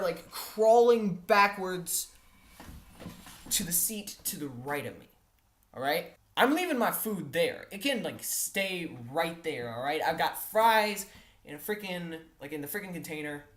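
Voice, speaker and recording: A woman telling a comic personal story in an animated, exaggerated way, often checking in with her listeners and tossing in mild curses. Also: lowish voice. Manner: animated and exaggerated, with frequent "all right?" check-ins; mild exasperated cursing.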